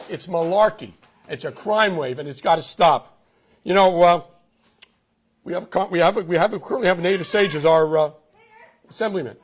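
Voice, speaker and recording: A middle-aged man with a New York accent giving a punchy campaign announcement speech, repeating lines for effect. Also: high voice. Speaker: political candidate. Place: outdoors at a golf club event. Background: crowd.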